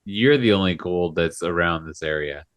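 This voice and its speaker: A man's voice: sits low, normal speed, no echo. A man narrating as game master of a tabletop game, laughing often between lines.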